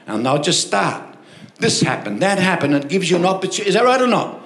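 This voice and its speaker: A man's voice: high-pitched, fast. An older man with an Australian accent, a pastor telling stories in a sermon and calling for amens. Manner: storytelling, animated, asks crowd for amens. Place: church hall. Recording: echoey hall with music behind.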